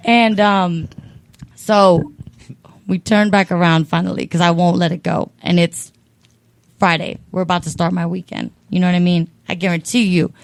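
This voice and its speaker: A woman telling a comedic story on a talk show in an animated, profane way. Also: fairly low pitch, normal speed, creaky, no room sound. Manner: animated, profane, acts out voices in her stories.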